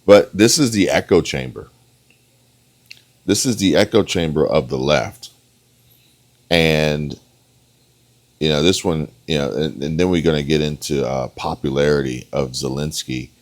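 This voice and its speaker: A man's voice: very deep voice, unhurried, long pauses. A man giving emphatic reaction commentary, repeating his points and talking straight to his viewers. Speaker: political commentator.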